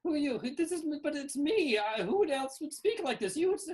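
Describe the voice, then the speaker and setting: A woman doing shrill eccentric Winky Wally. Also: sing-song, a little fast, darkish tone. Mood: frantic. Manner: shrill, repeating and flustered. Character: eccentric candy factory owner, high and odd.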